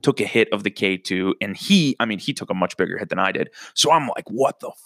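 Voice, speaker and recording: Young male host, lowish voice, profane rambling storyteller, dry booth sound. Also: animated, fast, fairly bright tone, no room sound. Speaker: podcast host. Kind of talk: comedic storytelling monologue.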